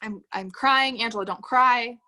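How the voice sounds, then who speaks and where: On a livestream, a woman heading a direct-sales team gives an upbeat pep talk and reads chat comments out loud. Her voice is fairly high, bright and forceful, at a moderate pace.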